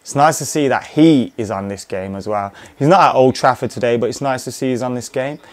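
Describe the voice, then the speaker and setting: Talking fairly quickly in a medium-pitched voice, a young man comments casually on the video game he's playing. As a gaming commentator doing live gameplay talk, he cheers and swears at the action.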